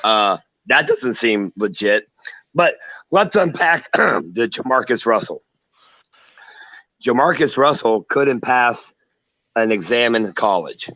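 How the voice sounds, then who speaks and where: A man's voice: mid-range voice, lively intonation, takes it slowly, long pauses, sharp tone, no echo. A man joining a sports talk show over a video call, ranting like a showman with mocking flair. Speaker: guest commentator. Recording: dull lo-fi call audio.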